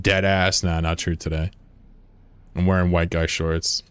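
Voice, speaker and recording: At home in a room with a window, a man chats casually with viewers while live-streaming a game, rambling and swearing freely. His low-pitched voice has little pitch movement and a clean tone, and he speaks at a measured pace.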